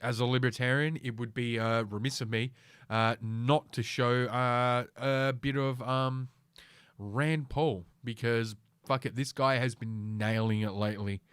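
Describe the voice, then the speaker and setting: A man's voice: medium pitch, steady tone, unhurried, fairly bright tone, smooth, no room sound. Brief: middle-aged male podcaster, swearing, sardonic rambling rant, dead-dry recording. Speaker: podcast host. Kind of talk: casual solo podcast rant.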